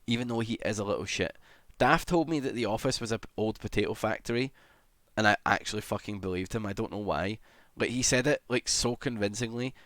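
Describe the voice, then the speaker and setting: Lower-voiced guy, rambling live-stream chat. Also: fairly quick, a bit bright, dry recording, studio quality. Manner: rambling and self-deprecating, swears often, hums idly. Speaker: livestreamer.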